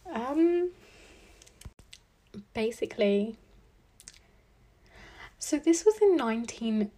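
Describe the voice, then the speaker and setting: A young woman in her early twenties hosts a solo podcast in a loose, chatty way, thinking out loud with lots of likes and ums. Her voice is husky and breathy, sitting at an ordinary middle pitch. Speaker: podcast host. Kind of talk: casual solo podcast chat.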